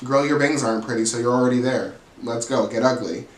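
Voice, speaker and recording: A man hosting a casual recap of a reality show, telling it in an animated, sassy, gossipy way. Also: mid-range voice, fast, echoey room. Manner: animated, sassy, gossipy storytelling with acted-out quotes.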